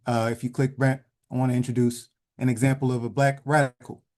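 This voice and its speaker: A man giving a measured lecture over slides in an online session, trailing off softly at the ends of phrases. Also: medium pitch, level tone. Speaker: presenter leading an online session. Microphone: video call.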